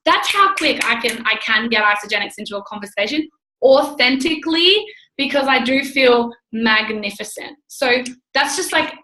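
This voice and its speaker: A woman's voice: a little high, bright, forceful tone, roomy sound, poor audio. A woman in her twenties, a guest entrepreneur chatting on a call, bubbly and effusive, acting out the people she quotes. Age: 20s. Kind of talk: casual call chat.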